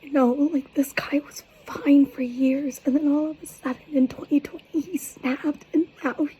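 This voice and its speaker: A woman in her twenties talking to camera in a personal video, speaking softly with a halting, near-whispered delivery. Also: high voice, fairly even intonation, rough recording. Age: 20s. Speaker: vlogger seeking advice.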